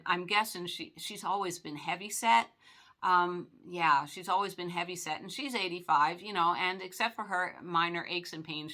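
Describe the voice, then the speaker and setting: A woman's voice: medium pitch, sharp tone. A woman in her sixties hosting a vlog, chatting casually to viewers in a rambling, folksy way full of filler words. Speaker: vlog host.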